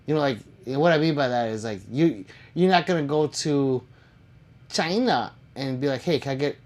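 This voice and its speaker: A man's voice: medium pitch, a little mellow. A man chatting casually on a live stream, reading viewer comments aloud and answering them with jokes and swearing.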